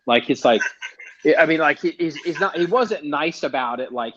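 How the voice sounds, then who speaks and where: Rambling podcast host, dull lo-fi sound. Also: male voice, fairly high pitch, lively intonation, normal speed, fairly bright tone. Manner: rambling, profane, self-interrupting. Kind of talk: casual chat.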